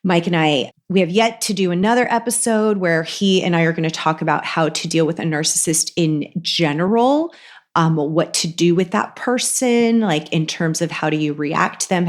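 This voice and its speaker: A woman hosts a podcast on her own, her voice a little congested. She speaks in a fairly low register. Her talk is loose and conversational. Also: moderate pace. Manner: chatty, conversational with fillers. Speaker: podcast host. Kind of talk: casual podcast monologue.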